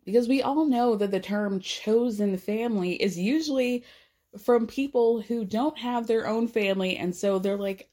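A woman's voice: fairly high pitch, moderate pace, mellow. Chatty woman recapping a show. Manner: chatty, lots of likes, laughs and playful mock voices. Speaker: podcast host. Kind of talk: casual recap chat.

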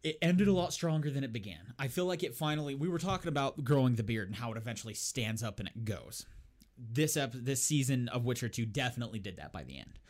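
A man in casual podcast chat, his pitch leaping up and down as he retells scenes. He rambles through the story with plenty of swearing. His delivery is loose and conversational. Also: lively intonation, fast. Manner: rambling storytelling, profane, laughing at own jokes. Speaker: podcast co-host.

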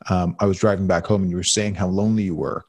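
A man in casual conversation who speaks heartfelt and halting, with stammering restarts, while concussed. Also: low-pitched, fairly even intonation, darkish tone. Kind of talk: emotional conversation.

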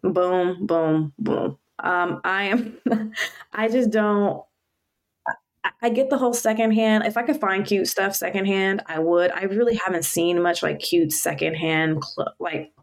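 A woman's voice: medium pitch, a little slow. A woman in her thirties co-hosting a podcast, chatting casually and emphatically, laughing often. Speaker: podcast co-host. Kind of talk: casual chat.

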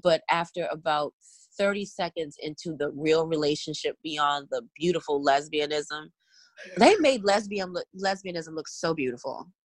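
A woman's voice: sits low, moderate pace, no echo. A woman co-hosting a podcast in casual, playful chat, laughing often and swearing casually. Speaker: podcast co-host.

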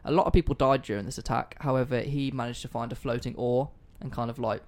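A man's voice: medium pitch, fairly even intonation, quick pace, a little mellow. A man hosting a casual history podcast, telling the story in a loose, sweary, joking way. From not American. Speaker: podcast host.

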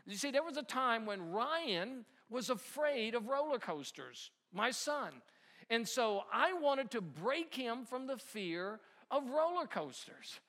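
A middle-aged pastor speaks at a slow pace, telling a family story in his sermon with animated energy and laughter. He then drops soft and low to land the point.

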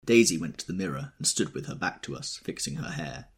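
A man's voice: a bass voice, expressive, a little fast, slightly rough. A man reading an audiobook aloud in a wry, reflective storytelling manner. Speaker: audiobook narrator. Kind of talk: scripted audiobook narration.

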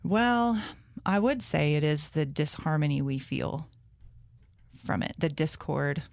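A woman's voice: deep voice, animated, slow pace, creaky, a little mellow, dry recording. A woman, a homeschool mom and classroom teacher, talking earnestly in a casual conversation and thinking aloud as she goes.

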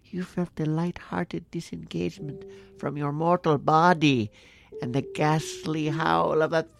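A woman voicing a gleefully menacing spectral Baron, slow and dramatic in a horror parody. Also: low voice, fairly even intonation. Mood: ominous. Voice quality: gravelly.

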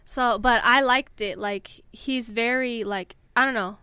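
A woman chatting casually on a podcast, her voice bright and crisp, close and dry on the mic. She rambles with fillers and teases her friends. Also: a little high, a little slow, dry recording. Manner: chatty, teasing, many fillers. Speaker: podcast co-host. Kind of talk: casual chat.

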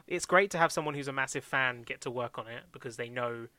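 A man's voice: medium pitch, quick pace, bright, forceful tone, dry recording. A young man chatting casually about TV shows as a podcast co-host, rambling with lots of fillers, restarts and laughs. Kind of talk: casual chat reviewing TV shows.

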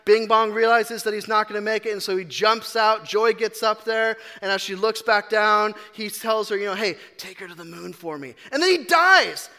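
Bright high-voiced man preaching in a hall. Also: moderate pace, hardly any pauses, clear, resonant tone. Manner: chatty, self-deprecating, frequent ums and restarts. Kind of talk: casual storytelling sermon. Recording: long reverb of a large hall.

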